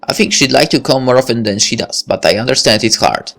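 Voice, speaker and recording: A woman voicing a thoughtful high school senior girl while reading a visual novel aloud, in a musing inner-monologue manner. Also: expressive, a little fast, vocal fry, fairly bright tone, faint music behind, exaggerated voice.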